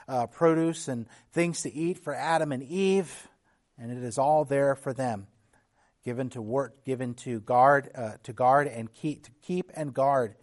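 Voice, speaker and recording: A pastor with a mid-range voice preaches a sermon, teaching earnestly while restarting sentences and now and then clearing his throat.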